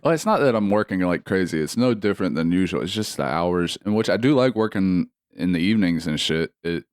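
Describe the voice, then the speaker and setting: A man's voice: low voice, animated, fairly quick, no room sound, clean studio sound. A man co-hosting a podcast in casual chat, cursing freely and laughing often. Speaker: podcast co-host.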